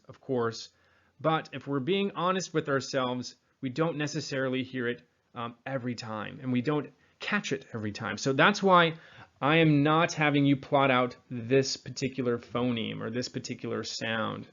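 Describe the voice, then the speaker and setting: A man's voice: mid-range voice, a bit bright. Man coaching pronunciation, slightly dull sound. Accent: General American. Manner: demonstrates sounds slowly, repeats words. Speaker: accent coach. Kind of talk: teaching pronunciation.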